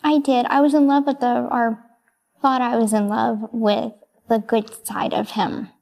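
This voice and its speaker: Soft-spoken hesitant young woman, gravelly. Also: a little high, level tone, unhurried. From United States. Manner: soft, hesitant, brief answers with many ums. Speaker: interviewee. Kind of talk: answering interview questions.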